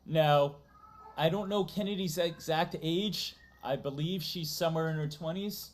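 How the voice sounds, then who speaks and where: A woman's voice: sits low, a little slow. A woman with a Massachusetts accent, hosting a casual livestream and playfully reading out donations. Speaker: stream host.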